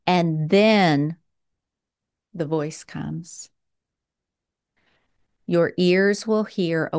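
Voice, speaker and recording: A woman preaching a sermon in a slow, earnest way, with dramatic pauses. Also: low voice, a little mellow, smooth.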